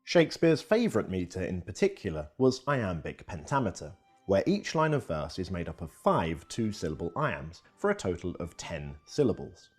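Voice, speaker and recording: A man reading a scripted educational narration in a lively storytelling manner. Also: deep voice, moderate pace, breathy edge, soft background music.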